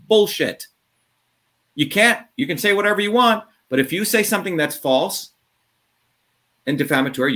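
Combative, ranting man, slightly high voice. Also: fairly bright tone. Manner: combative, ranting, profane, swings from fast to drawn-out. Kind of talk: impassioned interview talk.

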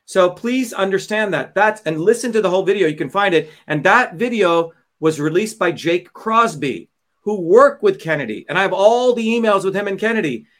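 A man with a high voice hosts a heated livestream. He talks in a combative, profane way and drops into mocking impressions of others. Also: animated, moderate pace, fairly bright tone. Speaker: host.

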